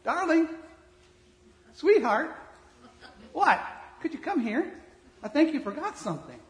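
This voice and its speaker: A man doing a wife's high, put-on voice. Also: huge pitch swings, fairly quick, heavily acted. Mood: coaxing. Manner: pitched up high in a falsetto-like voice. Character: exasperated wife scolding husband, then sweetly coaxing. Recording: echoey hall reverb.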